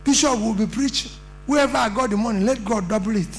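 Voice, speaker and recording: Emphatic high-voiced Nigerian man. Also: fast talker, faint music behind, poor audio. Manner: earnest, emphatic, plain-spoken. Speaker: political speaker. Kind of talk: conference speech.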